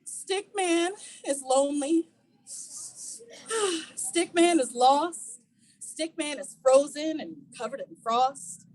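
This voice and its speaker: A woman reading a children's picture book aloud at a community event, animated and coaxing the young audience to join in. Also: sits high, slow pace, pauses often, rough recording.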